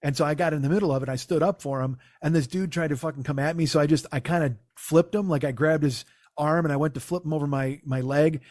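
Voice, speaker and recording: A man's voice: a little high, steady tone, quick pace, darkish tone. A man, a comedian and podcast host, telling a long casual story and quoting people with "I go, he goes" and frequent restarts. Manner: rambling, conversational, quotes others with "I go, he goes".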